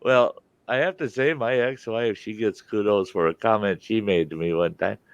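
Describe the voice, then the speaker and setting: An older man chats and tells rambling stories, breaking into laughter often. His voice sits low. The sound is dry and a bit muffled. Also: moderate pace, smooth, dry recording. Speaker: host. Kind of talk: casual chat.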